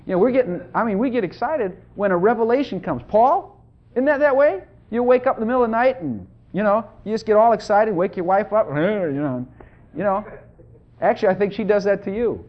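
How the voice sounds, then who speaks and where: Man, middle-aged, preacher, folksy sermon, high-pitched, muffled lo-fi sound. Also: fairly quick. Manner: folksy, animated, asks the congregation questions. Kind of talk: informal sermon. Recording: dull lo-fi sound.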